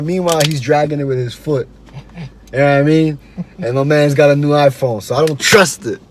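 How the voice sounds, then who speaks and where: A podcast host tells a story casually, in loose, slangy, profane language. His voice is a little high and brisk, and there is slight background noise.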